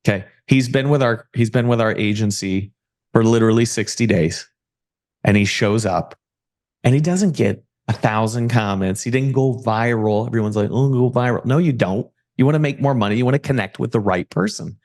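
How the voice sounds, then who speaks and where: A man with a fairly low voice speaks to an audience like a motivational coach. He drives points home with rhetorical questions and short punchy lines, then shifts into a direct sales pitch. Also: normal speed, a little mellow. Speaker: personal branding agency owner. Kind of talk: live presentation pitch.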